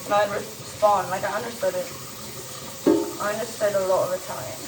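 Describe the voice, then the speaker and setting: A woman's voice: medium pitch, steady tone, fairly quick, loud music behind the voice. Brief: playful woman vlogger with a mixed, partly British-sounding accent, casual chat recorded from a distant camera in an echoey room. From Detroit. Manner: playful, laughs often, switches into French. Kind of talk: casual chat while working.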